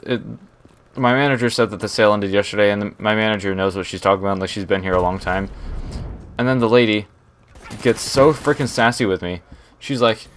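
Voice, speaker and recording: A man's voice: lowish voice, fairly even intonation, fairly quick, a bit bright, slight background noise. A young man telling a rambling work story while playing a shooter game, often breaking off to react to the match. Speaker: gaming storyteller. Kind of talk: story time over gameplay commentary.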